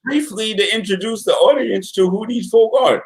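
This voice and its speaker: A man's voice: high voice, moderate pace. A man co-hosting a casual show review, pushing back playfully in a back-and-forth argument. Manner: animated, pushes back, playful. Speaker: co-host. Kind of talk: casual debate.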